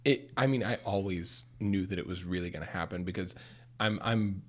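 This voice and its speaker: Low-voiced dad reminiscing, halting. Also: male voice. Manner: reminiscing, halting with repeated restarts. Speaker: co-host, experienced father. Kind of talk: casual chat.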